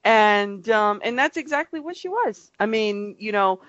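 A woman's voice: medium pitch, lively intonation, measured pace, fairly bright tone, dry recording. A woman in casual podcast chat, rambling with lots of fillers and acting out what others might say. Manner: rambling, filler-heavy, acts out quotes. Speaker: podcast co-host. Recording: dry, dull lo-fi online call.

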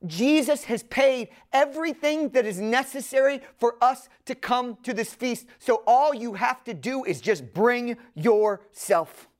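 Preaching a sermon in a voice on the high side, a woman addresses her listeners directly with earnest emphasis, slowing on the key phrases.

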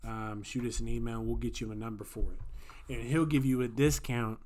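A man's voice: mid-range voice, fairly even intonation, normal speed, a little mellow. A man co-hosting a casual podcast, joking and rambling. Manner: jokey, rambling, playful put-on voices. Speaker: podcast co-host. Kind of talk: casual chat.

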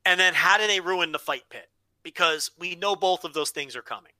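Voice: mid-range voice, brisk, bright, forceful tone, dry recording. A podcast co-host chatting casually about wrestling, emphatic and playful, fond of repeating a favorite phrase.

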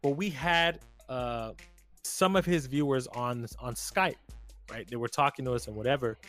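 A man's voice: mid-range voice, moderate pace, fairly bright tone, soft background music. A man co-hosting a casual podcast, telling a story animatedly with slang and plenty of swearing. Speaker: podcast co-host. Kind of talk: casual chat.

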